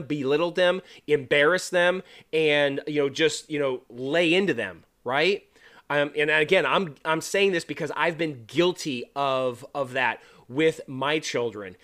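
A man's voice: a little high, a bit bright. A middle-aged man hosting a podcast, teaching the Bible in a loose, conversational way with many fillers and "right?" tags. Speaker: podcast host.

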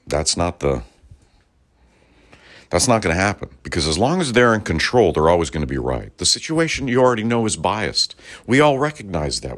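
Middle-aged guy ranting on his talk radio show, low voice, really up and down, swears a lot. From Los Angeles, United States. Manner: heated, profane, emphatic ranting with sarcastic asides. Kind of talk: political talk-radio monologue.

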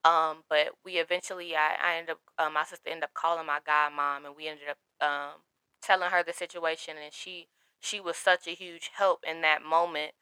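A woman's voice: low-pitched, level tone, moderate pace, bright, forceful tone, clear, resonant tone, dry recording. Candid young woman telling a personal story. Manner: candid, emotional, quotes others in her own voice.

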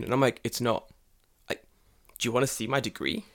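A man's voice: medium pitch, quick pace. A young man, co-hosting a podcast in casual chat, swearing a lot and mocking people in put-on voices. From United Kingdom. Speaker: podcast co-host.

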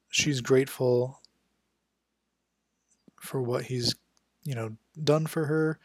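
A man's voice: medium pitch, dry recording. Casual man recapping a comic, dry sound. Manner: conversational, acts out characters' lines with quick quotes. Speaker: comic book reviewer.

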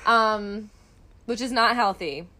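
A woman's voice: slow pace, a loud crowd. A young woman co-hosting a podcast, chatting casually and bubbly, often gasping and laughing. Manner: doing high squeaky voices when quoting. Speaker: podcast co-host. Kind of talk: casual chat.

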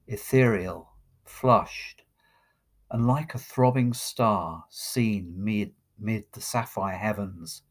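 A man reading a long narrative poem aloud in a measured, expressive way. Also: on the low side. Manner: slow, measured, expressive recitation. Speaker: poetry reader. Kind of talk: dramatic poetry reading.

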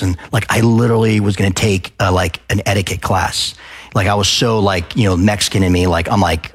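A man from Arizona speaking at a live event, lecturing an audience in a loud, passionate way and often checking in with "okay?" and questions. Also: lowish voice, lively intonation, quick pace. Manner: addresses the crowd with frequent "okay?" and questions.

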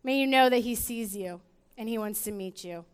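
A woman preaching a sermon to a women's gathering, soft and reflective, growing louder when calling the room to worship. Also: a little high, normal speed, clean tone. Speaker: women's ministry speaker.

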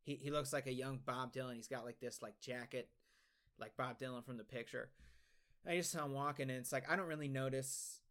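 A young man co-hosts a podcast, spinning a long story in loose, rambling talk packed with swearing and restarts. His voice is medium-pitched, steady, fairly bright, and brisk.

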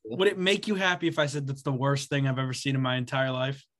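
A man's voice: mid-range voice, fairly even intonation, fast, fairly bright tone. A young man co-hosting a casual podcast, teasing his friend with dry sarcasm and frequent laughs. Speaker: podcast co-host.

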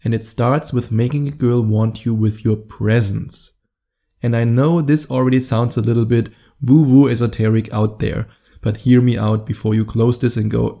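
A man's voice: medium pitch, fairly even intonation, normal speed, creaky, warm tone. A man with a German accent hosting his own podcast as a dating coach, talking straight to the listener in a direct, coaching way. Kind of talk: solo podcast monologue.

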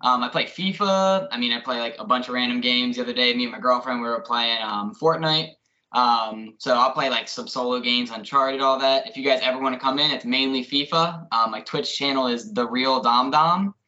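A man as a podcast guest, talking casually and hesitantly with many pauses. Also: medium pitch, sharp tone. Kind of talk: casual chat. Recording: dull lo-fi audio.

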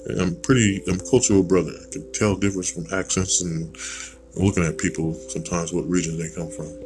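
A man's voice: low-pitched, steady tone, fairly quick, a little mellow, slight background noise, low-quality recording. An American man hosting a podcast, rambling through a blunt, digressive opinion monologue with casual swearing. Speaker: podcast host.

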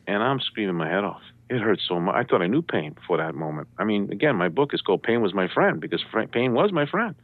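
A man telling a story as a radio show guest, lively and jokey, acting out the voices of the people in it. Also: low voice, fast, hardly any pauses, no room sound. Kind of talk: animated storytelling. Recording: dry tinny phone line.

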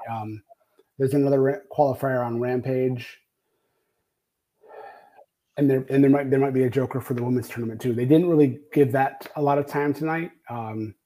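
Man, podcast co-host, warm mellow tone, easygoing, halting restarts. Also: medium pitch. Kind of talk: casual chat.

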